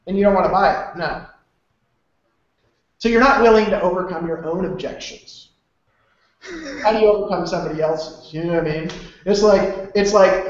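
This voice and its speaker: A man with a high voice pitches a course in a loose, rambling way, restarting sentences and laughing a lot. His voice rings around a very echoey room, and the sound is dull and lo-fi. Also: moderate pace, pauses often. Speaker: host of an online sales webinar.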